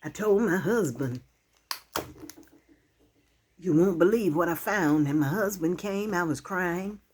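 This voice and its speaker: Slow, breathy woman in her sixties. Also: on the low side, lively intonation, a little mellow. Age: 60s. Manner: heartfelt, halting, emotional. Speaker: channel host. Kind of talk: casual talk to camera.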